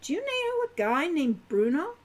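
A woman's voice: high-pitched, very animated, a little slow, pitched above the performer's own voice. A woman voicing a curious teenage girl adventurer who talks casually and asks eager questions.

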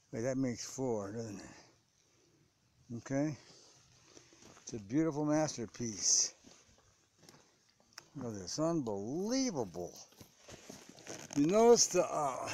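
A man's voice: mid-range voice, warm tone. A man from California vlogging outdoors, talking in a playful, rambling way with jokey asides. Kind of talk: casual joking narration.

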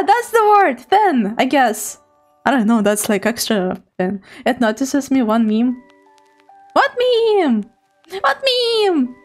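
A young woman streamer chatting casually with her live chat, giggling often, her throat a little hoarse. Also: very high voice. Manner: giggly, laughs often, playful.

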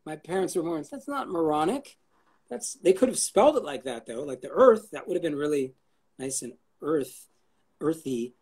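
Husky guy kinda high voice, rambly jokey interview guest, swears a lot. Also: animated, moderate pace, darkish tone. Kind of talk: casual interview chat.

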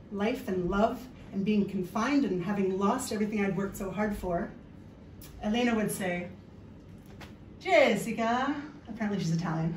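A woman's voice: mid-range voice, background noise. A woman giving a humorous stage talk, telling a playful story and joking with the audience. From Canada. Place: stage before a live audience. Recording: echoey hall, voice from far off.

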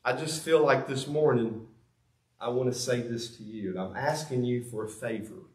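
A man's voice: mid-range voice, normal speed. Earnest man preaching in an echoey church. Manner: confessional, earnest, with emphatic repetition. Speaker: pastor. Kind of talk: sermon. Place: church sanctuary.

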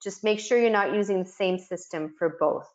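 A woman with a medium-pitched voice and a moderate pace leads an instructional webinar for child care educators, walking through practical activities step by step and modeling words as she would for children. The webinar audio is muffled and lo-fi.

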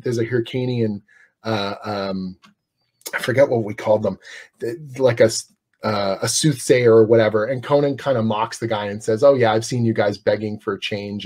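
A man's voice: medium pitch, darkish tone. A middle-aged man, a comics writer, talking in a casual interview with enthusiasm and many restarts.

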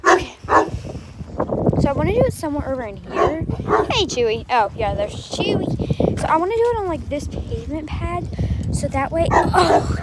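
A woman's voice: high-pitched, very animated, moderate pace. A woman chatting casually to camera outdoors, often telling her dogs to get down. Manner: chatty, scolding dogs between remarks. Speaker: vlogger. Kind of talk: casual vlog talk to camera. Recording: loud wind and background noise.

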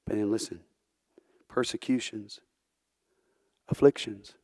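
A man's voice: fairly low pitch, steady tone, slow, a little mellow, no echo, studio quality. A male preacher delivering a sermon in church, earnest and full of rhetorical questions, building into fervent preaching. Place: church sanctuary.

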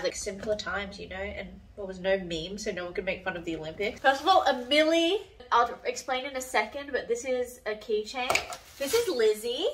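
Bright, soft-spoken woman vlogger. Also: mid-range voice. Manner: soft-spoken and chatty, with bursts of excitement. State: runny nose, emotional. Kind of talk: casual home vlog, reading fan mail aloud. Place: home studio, indoors. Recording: distant mic, faint background noise.

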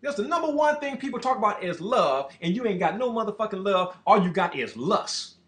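Man, brash, profane, boastful, lively swinging pitch, roomy echo. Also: a little fast. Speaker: show host. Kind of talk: ranting monologue. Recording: echoey room.

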